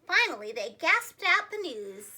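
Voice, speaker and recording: Storyteller for kids: young female teacher, very bright high voice, lively ups and downs. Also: a little slow. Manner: warm, expressive read-aloud delivery. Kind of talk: children's storybook read-aloud.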